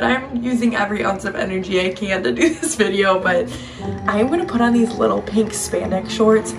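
A young woman hosting a vlog, talking to camera in a chatty, eager way. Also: mid-range voice. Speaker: vlogger host. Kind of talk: casual talk to camera. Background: background music.

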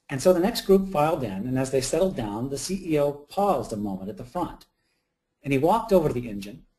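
A man tells a workplace anecdote to an audience with wry asides, in a voice of ordinary middle pitch. He speaks in a drab, windowless meeting room. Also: warm tone. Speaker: communications consultant giving a talk. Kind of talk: storytelling presentation.

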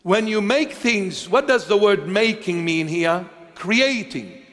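A man preaching a sermon as a bishop, slow and emphatic, asking rhetorical questions and swinging between hushed lines and loud ones. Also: sits high, expressive, big-room sound.

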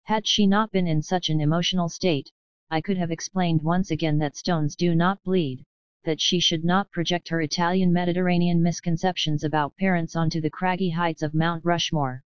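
Low-voiced woman narrating an audiobook. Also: fairly even intonation, smooth, no echo, lo-fi sound. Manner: measured, first-person storytelling.

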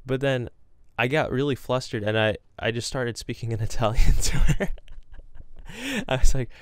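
A young man talks casually to his camera, rambling and poking fun at himself as he tells stories. His voice is smooth and clear, and the sound is dry and close with no room echo. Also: mid-range voice, fairly quick. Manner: rambling, self-deprecating storytelling. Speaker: gaming vlogger. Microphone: camera with green screen.

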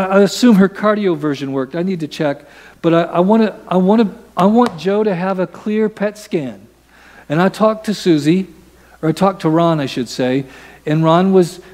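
A pastor preaching a conversational sermon, slipping into quoted voices now and then. His voice sits a little higher than most men's. Long reverb from the church hall trails behind each phrase. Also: a little mellow. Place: church sanctuary.

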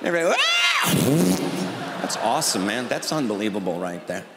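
A man in his forties performing stand-up comedy on stage, with incredulous, drawn-out sarcastic delivery. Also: on the low side, big pitch swings. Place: large hall with live audience. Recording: echoey hall with audience noise.

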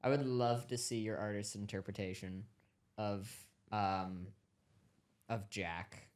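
A woman with an unusually deep, low voice chats in a relaxed, chuckling way. She talks slowly and easily, without hurrying. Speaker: co-host. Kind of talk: casual chat.

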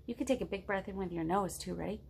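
A middle-aged woman leading a children's storytime, reading a picture book aloud in a gentle, encouraging way and asking the children questions. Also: medium pitch, fast, gravelly, background noise.

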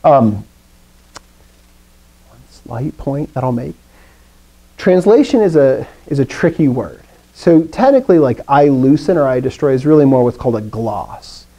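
In a classroom, a man with a mellow, warm, mid-pitched voice leads a lesson. He recites drills, then explains in a loose, chatty way and puts questions to the students. His intonation is lively, his pace measured, and he takes long pauses.

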